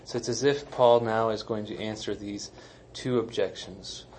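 A pastor gives a sermon in a somewhat low voice. He speaks in a conversational, emphatic way and tosses in self-deprecating asides. A faint hiss sits under the recording. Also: steady tone, normal speed, darkish tone, low-quality recording. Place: church sanctuary.

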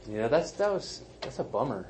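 A man's voice: mid-range voice, big pitch swings, brisk, noisy background. A man, a pastor, preaching a sermon in a conversational, emphatic way with self-deprecating asides. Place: church sanctuary.

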